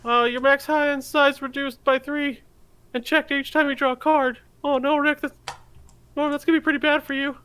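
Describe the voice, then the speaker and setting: Nervous teen sidekick, very high, stammering, panicky. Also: male voice, flat delivery, normal speed, pushed and bright. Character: jittery anxious teenage boy sidekick.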